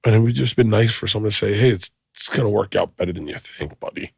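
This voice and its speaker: A man's voice: on the low side, fast talker, creaky, slightly rough, no room sound, clean studio sound. A middle-aged man hosting a podcast, telling a personal story in casual chat, emotional and laughing as he goes. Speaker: podcast host.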